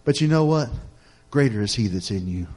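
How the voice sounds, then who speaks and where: A middle-aged man, preaching a sermon in a folksy storytelling way that builds to loud exhortation. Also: mid-range voice, animated, brisk.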